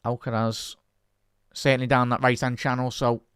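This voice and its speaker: Excitable man commentating live. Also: mid-range voice, normal speed, smooth, no room sound, clean studio sound. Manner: excitable, chatty fan commentary, talks to the chat. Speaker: host of a live football watch-along. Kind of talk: live match commentary and chat with viewers.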